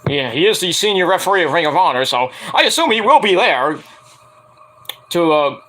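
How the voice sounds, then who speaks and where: Bright, high-voiced rambling man. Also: big pitch swings, normal speed. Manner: rambling, swears freely, lots of fillers. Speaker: wrestling review vlogger. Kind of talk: casual profane chat to camera.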